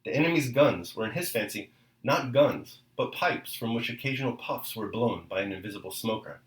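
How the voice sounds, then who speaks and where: A man hosting a daily podcast, reading a novel aloud in a measured way and then reflecting on it. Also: medium pitch, expressive, echoey room, rough recording.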